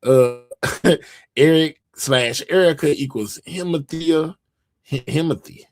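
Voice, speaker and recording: A man hosts a live stream, chatting casually and reading viewer comments aloud, rambling with many fillers and restarts. His voice is on the high side and his pace slow.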